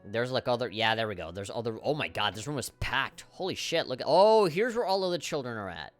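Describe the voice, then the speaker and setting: A man streaming a game live, reacting in an excitable, profane way and reading the on-screen dialogue aloud. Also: mid-range voice, brisk, faint music behind. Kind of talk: casual live gameplay commentary.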